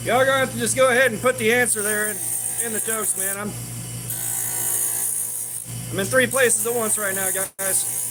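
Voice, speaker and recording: A man's voice: high voice, fairly even intonation, normal speed, long pauses, music in the background. A man casually telling a crude joke with slang and fillers while crafting at home. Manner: loose, profane storytelling with slang and fillers. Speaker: crafting streamer.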